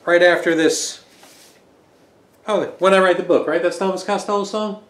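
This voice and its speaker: A man's voice: high-pitched, fairly even intonation, moderate pace, fairly bright tone, echoey room. A man casually talking through his record collection, rambling and joking as he goes. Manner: rambling, chatty, jokey asides.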